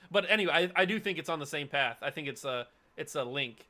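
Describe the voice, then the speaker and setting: Reaction host, male, chatty and excitable, fairly high bright voice. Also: normal speed. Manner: chatty, talks straight to viewers by name. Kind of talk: live watch-party reaction chat.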